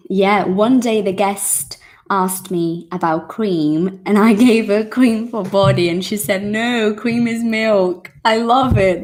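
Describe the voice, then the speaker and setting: Woman, English teacher, live-stream host, chatty, animated, mid-pitched. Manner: lively, acts out little dialogues, chatty with viewers. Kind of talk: casual live-stream teaching, reading viewer comments.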